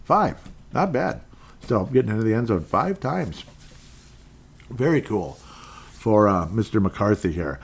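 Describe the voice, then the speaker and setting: A man's voice: lowish voice, sing-song, measured pace, vocal fry, pauses often, breathy edge. A man from Minnesota hosting a podcast, rambling through casual sports talk, going off on tangents, and speaking his mind bluntly. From Minnesota, USA. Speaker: podcast host.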